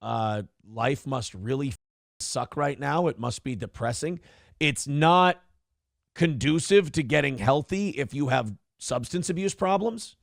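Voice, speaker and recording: A man's voice: mid-range voice, unhurried, gravelly, no room sound, clean studio sound. A middle-aged man hosting a livestream, talking candidly and rambling, reading viewer messages aloud. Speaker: streamer host. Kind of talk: casual livestream chat.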